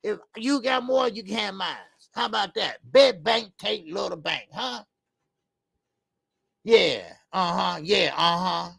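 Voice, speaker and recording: Boxing talk-show host, heated rant, gravelly voice, dry close sound. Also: medium pitch, normal speed, hardly any pauses, a bit bright, no echo. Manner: fired-up, repetitive, talks straight to viewers.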